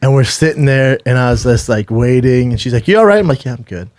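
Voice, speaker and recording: A man co-hosting a podcast, telling a story in a relaxed, casual way, laughing, swearing and mimicking other people. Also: mid-range voice, fairly quick, no room sound, studio quality. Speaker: podcast co-host.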